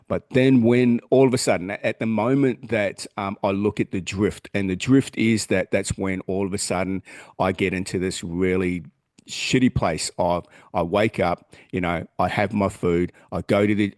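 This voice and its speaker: Blunt Australian man, low voice. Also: no echo, clean studio sound. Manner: blunt, swears freely, earnest. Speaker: podcast co-host. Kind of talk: casual chat.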